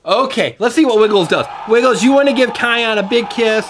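A woman's voice: on the high side, expressive, a little fast, a little hiss or hum. A woman hosting a toy review, playfully coaxing a child and talking to viewers at home. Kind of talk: toy demo for kids on camera.

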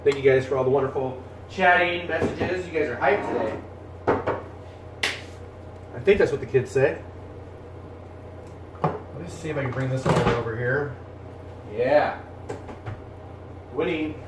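A man's voice: medium pitch, a little slow, long pauses, reverberant, heavy background noise. A man hosting a casual cooking livestream from his home kitchen, chatting and joking as he moves around and eats. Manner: chatty, jokey, talks while moving and chewing.

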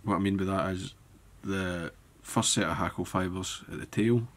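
A man demonstrating fly tying step by step, talking in a relaxed way as he works with his hands. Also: sits low, normal speed. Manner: relaxed, thinking aloud while working with hands. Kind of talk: step-by-step tutorial narration.

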